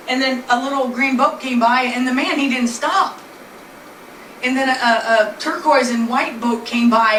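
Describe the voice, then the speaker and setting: A woman's voice: on the high side, moderate pace, a bit bright. A woman telling her husband's illness story in an earnest, plainly spoken way, speaking from a distance in a noisy, echoey room. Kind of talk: personal storytelling presentation.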